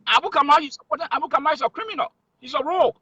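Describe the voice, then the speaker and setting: A man's voice: very high-pitched, lively intonation, rapid-fire, sharp tone, no echo, dull audio. A man giving heated political commentary, emphatic and full of rhetorical questions.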